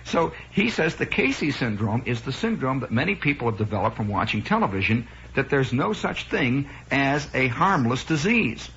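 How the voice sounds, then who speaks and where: Wry, bright-voiced storytelling man. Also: mid-range voice, sing-song, normal speed, few pauses. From American Midwest. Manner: rambling storyteller, wry, restarts and asides. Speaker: radio host. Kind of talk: improvised radio monologue. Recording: dull lo-fi radio broadcast with faint hiss.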